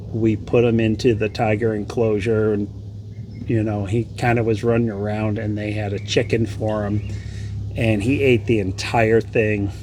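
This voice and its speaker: Slow, low-voiced man telling a story. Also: a little hiss or hum. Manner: reflective, halting, with restarts and soft laughs. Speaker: vlogger. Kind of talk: casual storytelling.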